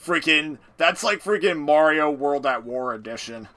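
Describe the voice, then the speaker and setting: A man streaming a game and chatting casually with friends, swearing and yelling in frustration at his play. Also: fairly high pitch, animated, normal speed, background noise. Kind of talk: casual gaming chat with friends.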